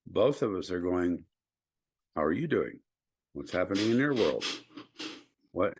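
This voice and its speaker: Deep-voiced older man, dry sound. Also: dry recording. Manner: thoughtful, explains ideas calmly. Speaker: podcast co-host. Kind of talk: casual conversation.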